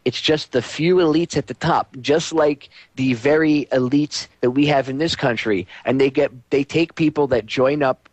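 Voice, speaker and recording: A man's voice: mid-range voice, normal speed, few pauses, dry recording. A man hosting a radio show, talking in a rambling, conversational way with frequent stammers. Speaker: radio host. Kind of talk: casual talk radio chat.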